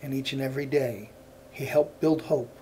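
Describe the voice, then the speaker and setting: A male storyteller telling a folk tale in an unhurried cadence that repeats phrases for effect. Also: medium pitch, fairly even intonation, dark tone, slight background noise.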